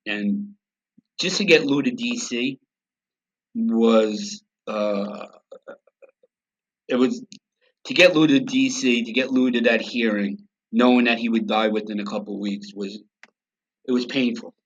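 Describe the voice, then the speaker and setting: A man's voice: mid-range voice, unhurried, long pauses, a bit bright, lo-fi sound. A man from the United States, a podcast guest telling a story in blunt, profane, conversational style and acting out quoted dialogue.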